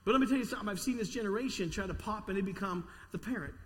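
Guy preaching a sermon, high bright voice, animated, stammers a bit, big echoey church hall. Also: rapid-fire. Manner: animated, stammers and repeats words. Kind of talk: storytelling sermon. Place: large church hall with an audience. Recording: long reverb of a church hall.

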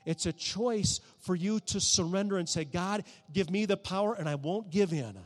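A man preaching a sermon, moving between soft, hushed prayer and loud, emphatic declarations. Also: high voice, normal speed, big-room sound.

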